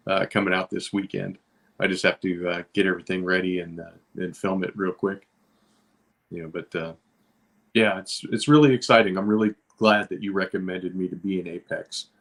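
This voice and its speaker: A man with a fairly low voice chats as a guest in a casual conversation. He sounds easygoing and agreeable, filling gaps with "uh" and "you know" as he goes. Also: fairly bright tone. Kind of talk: casual chat.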